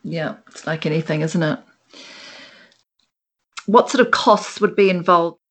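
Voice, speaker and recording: A woman's voice: lowish voice, measured pace, a bit bright. A woman hosting a podcast, chatting casually with her guest and often seeking agreement. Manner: chatty, agreeable, asks for confirmation. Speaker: podcast host. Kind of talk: casual interview chat.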